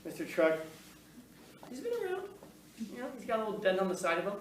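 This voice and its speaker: Man, rambling casual talk to an audience, fairly high voice, echoey room, distant mic. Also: huge pitch swings, fast, a little hiss or hum. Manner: rambling, conversational, with frequent laughs and restarts. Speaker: speaker giving a talk. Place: room with an audience, recorded on camera.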